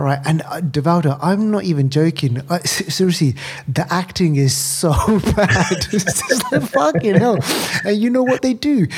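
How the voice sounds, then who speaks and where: Husky, rambling male podcast host. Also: a little high. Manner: animated, rambling, full of "right" and "you know". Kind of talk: casual chat.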